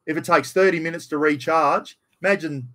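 A man's voice: a little high, brisk, fairly bright tone. A middle-aged Australian man chatting bluntly and rambling on a casual live stream, still getting over a cough. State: slight cough after illness. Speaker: livestream host.

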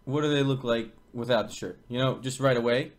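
A man's voice: mid-range voice, fairly even intonation, fairly quick. A young adult man streaming from home, talking in a casual, crude and rambling way while he plays. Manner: crude, rambling, profane banter. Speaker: live streamer.

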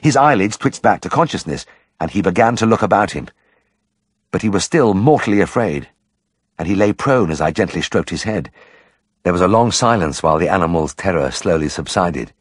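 Male audiobook narrator, deep, husky, dry close sound. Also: expressive, brisk, no echo.

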